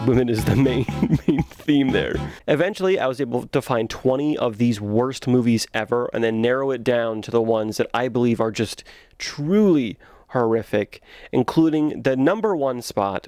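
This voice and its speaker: A man in his twenties giving sarcastic, animated comedic commentary on bad movies as a video host. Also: medium pitch, normal speed, no echo, clean studio sound, soft background music.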